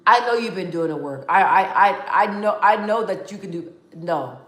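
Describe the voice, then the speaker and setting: Speaking in a lowish, animated, fairly bright voice at a moderate pace, this young adult vlogger talks candidly and emotionally. Her casual, heartfelt talk rambles with frequent restarts and repeated words, and the room gives a noticeable echo.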